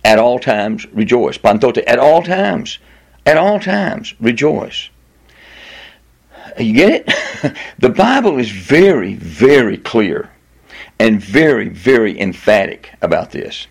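A man's voice: medium pitch, sing-song, vocal fry, breathy edge. Emphatic preaching man. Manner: emphatic preaching, slowing and lifting on key words; reads scripture aloud with stress on repeated words. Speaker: pastor. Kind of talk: sermon.

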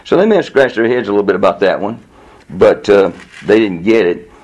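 A man preaching a Bible teaching in a conversational, animated way, often chuckling and repeating words as he goes. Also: on the low side, brisk. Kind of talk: sermon teaching.

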